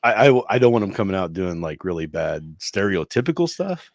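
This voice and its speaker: Deep-voiced rambling male co-host. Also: very animated, fairly quick, a little mellow, dry recording. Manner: rambling, many restarts and fillers, chuckling. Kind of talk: casual podcast banter.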